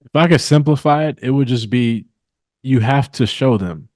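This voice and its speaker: A young man from Milwaukee, a guest attorney, answering interview questions in an earnest, measured way with frequent restarts. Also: mid-range voice, a little mellow. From Milwaukee, Wisconsin. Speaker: guest, real estate attorney. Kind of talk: interview conversation.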